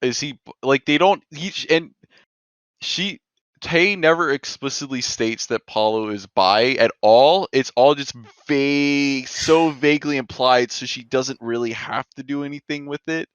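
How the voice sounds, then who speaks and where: A man's voice: mid-range voice, a little slow, a bit bright, clear, resonant tone, dry recording, muffled recording. A man in a casual comic chat, rambling and using internet slang. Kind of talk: casual chat about a webcomic.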